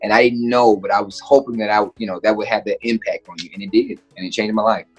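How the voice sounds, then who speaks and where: A young adult man, a comedian, telling stories in a casual interview, lively and acting out the people he quotes. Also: fairly low pitch, quick pace, slightly rough, faint music behind. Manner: animated storyteller, acts out quoted voices. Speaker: comedian and guest.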